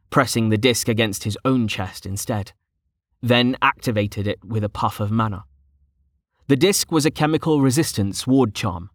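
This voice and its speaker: A man narrating a fantasy audiobook in steady storytelling. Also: fairly low pitch, no echo, clean studio sound.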